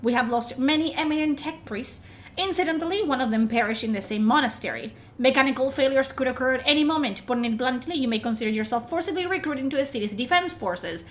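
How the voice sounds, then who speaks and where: A woman reading the lines of a stern, proud male planetary governor in measured, formal speech. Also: high voice, animated, a little hiss or hum.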